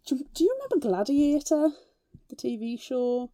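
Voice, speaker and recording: A woman co-hosting a casual book podcast, telling lively anecdotes, swearing freely and mimicking voices. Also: fairly high pitch, normal speed, no echo, clean studio sound. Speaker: podcast co-host.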